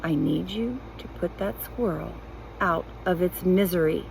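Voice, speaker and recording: A woman reading a storybook aloud, voicing a stern, practical mother who talks slowly and insistently. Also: fairly low pitch, gravelly, a little mellow, a little hiss or hum, voice pushed down, rough recording. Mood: firm. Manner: slow, insistent, spells words out. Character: stern, practical, impatient middle-aged mother.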